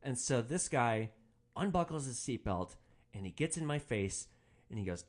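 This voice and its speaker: Male podcast host with a lively, varied delivery, relaxed and profane as he tells stories. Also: mid-range voice, moderate pace. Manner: animated, swears freely. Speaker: podcast host, rideshare driver. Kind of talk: casual storytelling monologue.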